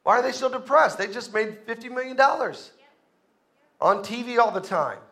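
A man's voice: very high voice, lively intonation, moderate pace, gravelly, pushed and bright. A male pastor preaching a sermon, with emphatic repetition and call-and-response to the congregation.

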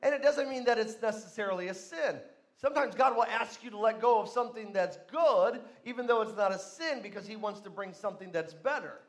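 Male pastor, high voice, storytelling sermon style, punches key lines loudly. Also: brisk. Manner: storytelling preacher, acts out voices, rises to loud emphasis. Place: church sanctuary.

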